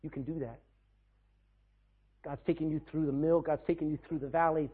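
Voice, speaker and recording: A man delivers a sermon as pastor, his voice pitched high and driven with emphasis. He fires questions at the congregation and calls for answers. The recording is thin and phone-like. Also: fairly even intonation, brisk, husky. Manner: emphatic preaching with call-and-response questions.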